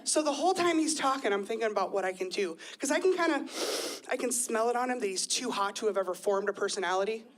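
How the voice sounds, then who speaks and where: A woman in her thirties works a club stage with chatty, self-deprecating comedy, slipping into lively quoted voices. Her voice is a little high and her delivery is fast, with the crowd laughing throughout the live audio.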